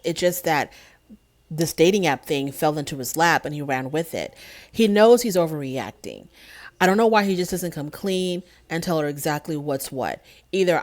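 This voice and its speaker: A woman hosting her own channel, recapping a reality show episode in casual, animated commentary with an indignant edge. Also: low-pitched, normal speed. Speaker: show reviewer, host.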